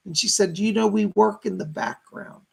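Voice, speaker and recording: A man hosting a live psychic reading stream, thanking viewers and passing on messages from spirits in a chatty, animated way. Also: sits high, moderate pace, creaky, husky. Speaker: psychic medium host.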